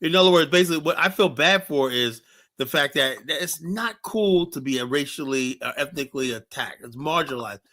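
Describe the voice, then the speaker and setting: Bright, animated male host. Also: a little high, a little fast. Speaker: podcast host. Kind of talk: casual streamed talk.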